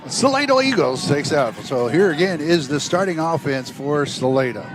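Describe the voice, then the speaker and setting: A man doing play-by-play commentary on a high school football game on a headset, talking loosely with lots of fillers and restarts. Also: animated, normal speed, music in the background. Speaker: play-by-play announcer.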